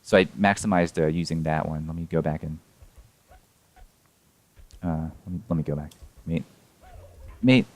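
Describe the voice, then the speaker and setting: Low-voiced young man rambling over gameplay. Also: flat delivery, moderate pace, long pauses, a little mellow. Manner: rambling, self-correcting, chuckles at himself. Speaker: speedrun player explaining a tool-assisted run. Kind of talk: casual frame-by-frame commentary.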